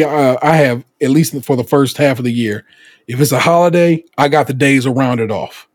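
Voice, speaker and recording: A man hosting a casual podcast, telling stories in an animated way with swearing and acted quotes. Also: medium pitch, no room sound, clean studio sound. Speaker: podcast host.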